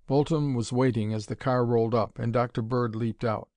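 A man narrating an audiobook in a steady, even reading voice. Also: mid-range voice, normal speed, few pauses, no echo. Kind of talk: scripted narration.

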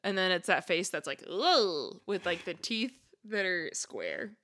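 Bright, lively young woman chatting. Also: lowish voice, normal speed. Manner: laughs often, playful and chatty. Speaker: podcast co-host. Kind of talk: casual chat.

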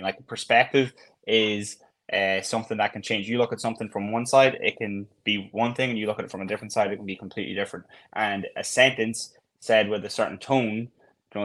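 Low-voiced man explaining on a podcast. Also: steady tone, fast, a bit bright. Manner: explanatory, gives examples. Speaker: podcast co-host. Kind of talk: casual podcast chat.

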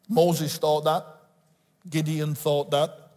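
A middle-aged man from England, preaching a lively sermon and acting out the quotes he tells. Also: on the high side, a little slow. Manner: animated preaching, acts out quotes. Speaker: guest pastor. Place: church hall. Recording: reverberant church hall.

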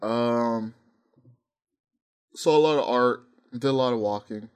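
A young man co-hosting a podcast, casually telling stories, laughing often and breaking into loud impressions of hype men. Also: mid-range voice, slow pace, clear, resonant tone. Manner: laughing storyteller, mimics hype men with yells. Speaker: podcast co-host. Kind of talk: casual chat.

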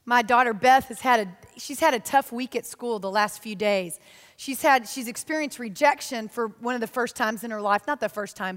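Woman preaching, high voice, animated and joking at herself, long reverb like a big hall. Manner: animated, self-mocking storytelling. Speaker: church speaker. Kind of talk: sermon.

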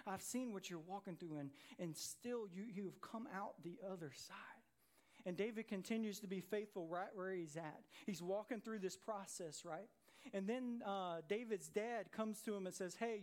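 Animated pastor preaching a sermon. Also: male voice, sits high. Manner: animated storytelling, acts out voices of Bible characters.

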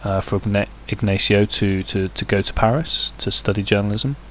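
Man, podcast host, lowish voice, halting, filler-heavy, swears and jokes. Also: fairly even intonation, a little hiss or hum. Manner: rambling, hesitant with many fillers, crude jokey asides. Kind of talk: casual solo podcast chat.

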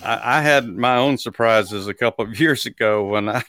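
A man's voice: medium pitch, normal speed, fairly bright tone, no room sound. Man, podcast co-host, folksy, chuckling, fillers, dry close recording. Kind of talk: casual chat.

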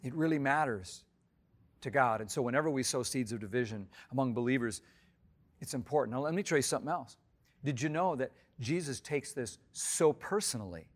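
A man preaching a sermon in an earnest, emphatic way, swinging between loud, stressed rises and hushed, quiet drops. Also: medium pitch, animated, brisk. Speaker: pastor.

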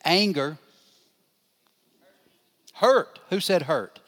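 An older man teaching a Bible lesson in a high, light voice. He talks in a conversational way, asking his listeners questions and taking up their answers. His voice rings out with a long reverb in a large church hall. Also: animated, extremely slow, a bit bright. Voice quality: asks the listeners questions and responds to them. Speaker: pastor teaching a Bible class.

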